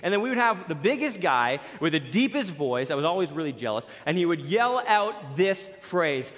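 Male pastor, 40s, high voice, animated storyteller; sermon in a big hall with long reverb. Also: moderate pace, hardly any pauses. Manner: animated, storytelling with jokes and sports analogies. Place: church sanctuary.

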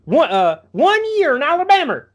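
A man voicing a young Southern kid with a drawl, loud and rowdy, laughing as he talks. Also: extremely high pitch, wildly swooping pitch, moderate pace, pitched above the performer's own voice, exaggerated voice. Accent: Southern US, put on.

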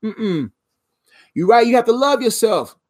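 A woman's voice: fairly high pitch, lively intonation, measured pace, a little mellow, husky. A woman giving faith-based motivational preaching straight to camera, emphatic and repetitive in a conversational way, laughing at her own jokes. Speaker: motivational speaker.

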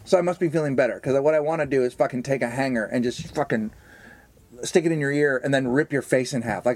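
A man's voice: medium pitch, quick pace, a little mellow. A middle-aged man and stand-up comedian co-hosting a podcast, talking in a profane, confessional way that slides into joking threats. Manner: profane, confessional, then mock-threatening banter. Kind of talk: casual podcast chat.

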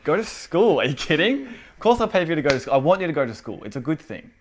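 A man's voice: fairly high pitch, sing-song, quick pace, a little hiss or hum, voice pushed up. A man voicing a kind, generous father who is baffled that his child would beg for something good. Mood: incredulous.

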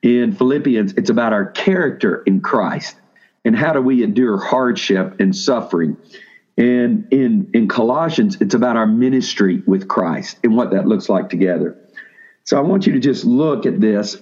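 A pastor delivers a sermon to seminary students at a moderate pace, his lowish voice a little mellow with a breathy edge. His style is conversational, full of restarts and questions to listeners. The recording sounds lo-fi.

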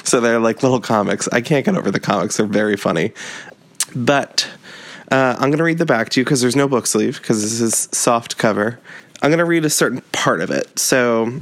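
A man's voice: mid-range voice, normal speed. Chatty young podcast host, a man. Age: 20s. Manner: chatty and upbeat, with laughs and fillers. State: out of breath. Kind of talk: casual podcast chat.

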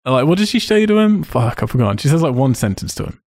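A man's voice: mid-range voice, very animated, fast talker, darkish tone, dry recording, clean studio sound. A man hosting a casual podcast, retelling a film's scenes with swearing and laughs. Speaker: podcast host. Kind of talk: casual film review chat.

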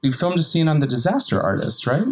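A man hosting an interview, asking long, measured questions with some hesitant fillers. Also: on the high side, very animated. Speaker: interview host.

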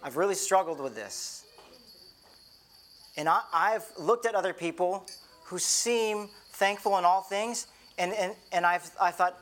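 A man's voice: sits high, measured pace, fairly bright tone. A middle-aged man, a pastor, giving an earnest, conversational sermon with many repeated restarts.

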